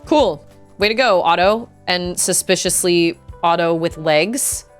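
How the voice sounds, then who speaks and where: A fairly low-voiced woman from Utah chats and rambles while she streams a game, laughing often between thoughts. She enunciates every word, with hard R's. Faint game music plays behind her. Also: a little slow, smooth. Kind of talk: casual chat while playing a game.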